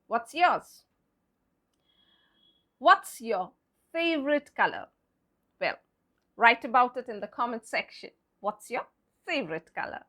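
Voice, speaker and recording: A woman teaching English pronunciation, spelling out words letter by letter, repeating them slowly and hushing playfully over silent letters. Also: a little high, big pitch swings. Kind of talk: explaining pronunciation to viewers.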